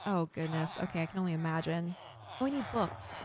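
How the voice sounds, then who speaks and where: A young adult woman streamer chatting casually with viewers while playing a game, animated and giggly. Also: lowish voice, brisk. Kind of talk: casual gameplay chat with viewers.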